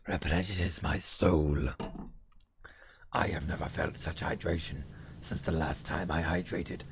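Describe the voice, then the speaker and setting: A male streamer voicing a boastful, grumpy demon lord with a deep gravelly growl, narrating theatrically with crude asides. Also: slight background noise, full character voice. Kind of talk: live-stream character voice.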